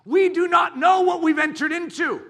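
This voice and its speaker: A man preaching a sermon as a pastor, talking in an animated, dramatic way with bursts of shouting. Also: very high-pitched, moderate pace, gravelly, faint music behind.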